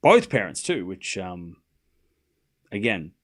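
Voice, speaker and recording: Animated Australian man ranting to chat. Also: low voice, takes it slowly. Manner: animated, mocking, talks straight to chat. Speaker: livestream tennis host. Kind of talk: casual ranting chat to viewers.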